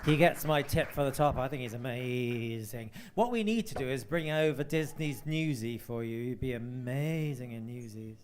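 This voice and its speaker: A man's voice: mid-range voice, moderate pace, hardly any pauses, slight background noise. A man hosting a live stage showcase, chatty, gushing and jokey. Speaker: host. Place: club stage, live show.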